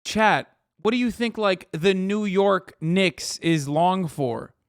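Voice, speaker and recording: A man in his thirties reacting on a livestream, incredulous and profane, with loud outbursts. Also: sits high, animated, slow, clean tone, dry recording, studio quality. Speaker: streamer reacting to clips.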